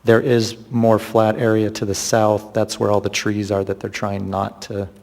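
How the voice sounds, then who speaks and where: A man's voice: lowish voice, monotone, normal speed, a little mellow, in a large hall. A man on municipal staff explaining a site plan at a public meeting, hedging with fillers.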